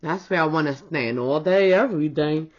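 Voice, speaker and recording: A woman's voice: sits low, normal speed, darkish tone, dull audio. Playful slangy woman, nail vlogger. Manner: playful, slangy, chatty with viewers. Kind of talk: casual demo chat.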